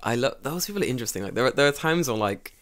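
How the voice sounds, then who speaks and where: Profane, animated male podcast host. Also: mid-range voice, racing. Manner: profane, animated storytelling with acted-out quotes. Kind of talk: casual chat.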